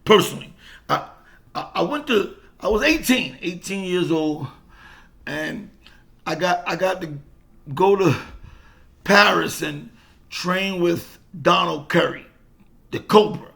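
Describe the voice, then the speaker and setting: An older man and boxing coach, telling a story in an animated way, repeating himself and swearing freely. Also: sits high, slow pace, creaky, pauses often. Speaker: boxing coach and former fighter. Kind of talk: casual boxing talk to camera.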